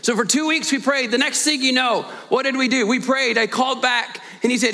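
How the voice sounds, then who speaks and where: A man as guest preacher giving an earnest, animated storytelling sermon in a church, with joking asides to the congregation. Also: very high voice, fairly quick, long reverb tail. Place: church sanctuary.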